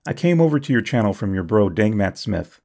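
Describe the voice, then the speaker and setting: Gravelly, animated young man joking around. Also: a little fast. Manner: jokey and self-mocking, swings from high squeals to low mutters. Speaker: YouTuber reading comments. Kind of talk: comedic comment-reading vlog.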